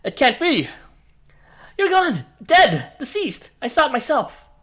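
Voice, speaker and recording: A woman's voice: sits high, wildly swooping pitch, rapid-fire, pitched above the performer's own voice. Woman voicing a hysterical grieving young man. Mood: shocked. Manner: cries out in disbelief, builds to hysterical shouting.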